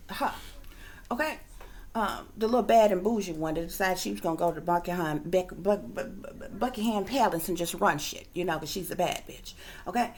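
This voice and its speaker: A woman, a psychic reader, telling a long story to her viewers in a rambling, emphatic way, swearing freely and sometimes dropping to a hushed whisper. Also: on the low side, a little hiss or hum. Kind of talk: casual storytelling monologue to viewers.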